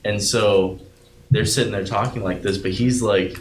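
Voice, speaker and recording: A man's voice: lowish voice, steady tone. A man reading scripture aloud at a Bible study, then reflecting on it in an earnest, thoughtful way. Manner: earnest and reflective, with some halting restarts. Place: room at a group Bible study. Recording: echoey room with loud background noise.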